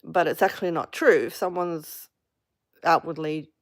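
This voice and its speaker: A woman speaking frankly in a casual live personal vlog, halting with many fillers and restarts as she vents. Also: low-pitched, no room sound, clean studio sound. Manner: frank, venting. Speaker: vlogger on a live stream.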